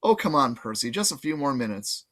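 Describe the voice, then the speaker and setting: A man voicing an annoyed, distracted young heroine in a storybook reading, pitched well above his own voice. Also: sing-song, brisk, a bit bright.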